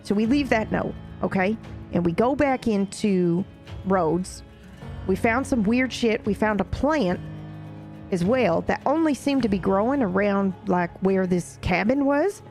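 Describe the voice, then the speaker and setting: A woman's voice: mid-range voice, animated, a little slow, a little mellow, soft background music. A woman recapping events in character during a roleplay session, rambling and swearing casually as she tells the story.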